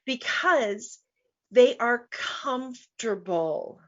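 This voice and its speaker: A woman's voice: a little high, expressive, extremely slow, a bit bright, muffled recording. A woman business coach hosting a live online show, speaking emphatically and repeating her key points. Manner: emphatic, repeats key phrases, laughs easily.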